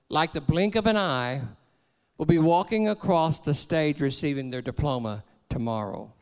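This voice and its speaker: Man, preacher, high voice, gravelly, earnest sermon, long church reverb. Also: a little mellow. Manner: earnest, exhorting.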